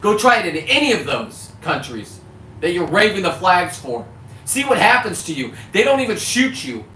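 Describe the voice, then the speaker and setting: A fired-up man from California rants straight to camera, swearing freely and then scolding himself for it. His fairly high voice has a bright, forceful edge. He sounds set back from the mic in an echoey space with a faint hiss underneath. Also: big pitch swings, normal speed. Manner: heated, profane, self-correcting about cussing. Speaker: fisherman vlogger. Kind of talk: ranting monologue to camera. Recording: echoey, distant mic with faint background noise.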